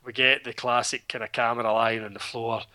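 Scottish man, sharp bright tone, sardonic, casual film chat. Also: mid-range voice, a little fast. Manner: sardonic, swearing, animated storytelling.

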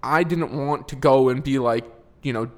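A man's voice: mid-range voice, moderate pace. A man from Wisconsin chatting casually in a laid-back way, with short reactions and frequent swearing. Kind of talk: casual podcast chat.

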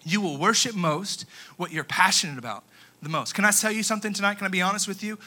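A young man preaching with a bright, forceful voice that sits a little high for a man. He moves between hushed scripture reading and loud, excited storytelling, casual in tone. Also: quick pace. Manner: energetic storytelling, swings from quiet to shouting. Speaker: youth pastor. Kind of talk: sermon.

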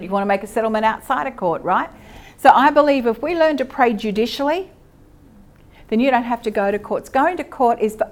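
Her pitch is a little high and her tone somewhat dark. She's an Australian woman giving sermon teaching at a church gathering, chatting casually and pausing to use fillers or correct herself.

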